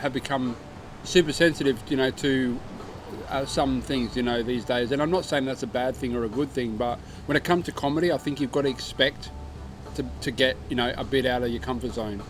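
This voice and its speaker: A man's voice: mid-range voice, brisk, a little hiss or hum. A man hosting a casual interview chat, rambling along with fillers and restarts. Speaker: podcast host.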